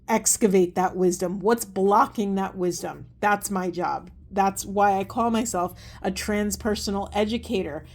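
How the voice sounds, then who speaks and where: Earnest, gentle woman card reader. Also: mid-range voice. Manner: gentle, earnest, rambling with self-corrections; soft and hushed while reading cards. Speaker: tarot and oracle card reader. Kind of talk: spiritual card reading vlog.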